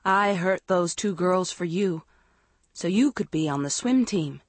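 A woman voicing an eerily calm, menacing teenage girl in an audiobook, speaking softly and sinisterly. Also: fairly low pitch, a little slow, dry recording. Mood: calm menace. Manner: soft, sinister, sometimes whispered. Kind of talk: audiobook character reading.

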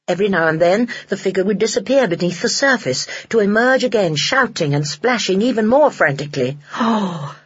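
A narrator reading a children's novel aloud in a gentle, measured storytelling manner. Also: mid-range voice, animated, slightly rough, no echo. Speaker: audiobook narrator. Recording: dull lo-fi dry recording.

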